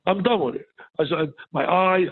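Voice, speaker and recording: A man's voice: high voice, normal speed. An older man, a guest in an interview, telling stories animatedly and acting out quoted dialogue. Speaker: guest, basketball broadcaster. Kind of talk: storytelling interview. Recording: tinny phone-like line.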